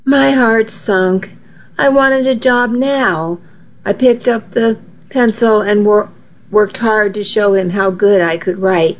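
A woman's voice: mid-range voice, takes it slowly. A woman narrating a first-person story in an earnest, storytelling way, on a dull lo-fi recording. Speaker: audiobook narrator.

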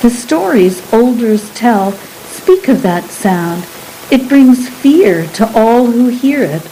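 A woman voicing a small, frightened chained creature who answers in halting, formal phrases. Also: on the high side, expressive, mellow, a little hiss or hum, rough recording. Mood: timid. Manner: halting, formal, fearful replies.

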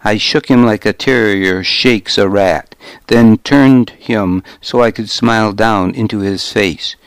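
Slow low-voiced male narrator. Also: clean tone, no echo. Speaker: audiobook narrator. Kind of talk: first-person audiobook narration.

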